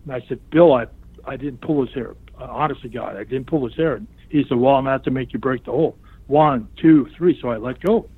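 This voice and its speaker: A retired pro wrestler, now older, tells a wrestling story as a guest in an anecdotal interview at an easy middle pitch and quick pace. He animatedly acts out others' lines, jumping into higher voices. The dry, slightly rough audio sounds thin and narrow, like a phone line.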